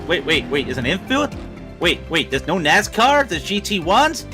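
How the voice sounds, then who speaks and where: A man voicing a brash American oval-racing announcer in a put-on Southern accent, loud and hyped. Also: high-pitched, sing-song, normal speed, music in the background.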